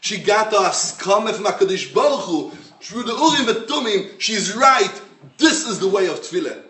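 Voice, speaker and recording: A man, a rabbi giving a Torah lecture in English, his language being Hebrew, with an emphatic, animated storytelling manner. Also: sits high, moderate pace. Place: lecture room. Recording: roomy echo, mic at a distance.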